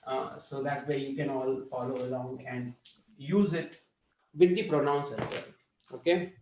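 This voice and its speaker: A man's voice: medium pitch, fairly even intonation, measured pace, darkish tone, reverberant, slight background noise, rough recording. A man teaching a language class, explaining patiently and checking in with students often. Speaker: Hindi teacher.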